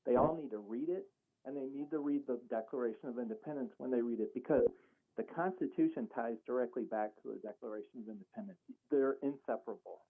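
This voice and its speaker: A man's voice: mid-range voice, fast talker, dry recording. A man calling in to a talk radio show, arguing his point earnestly and acting out conversations he had. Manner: earnest, argumentative, retells conversations. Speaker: caller. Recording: tinny phone line.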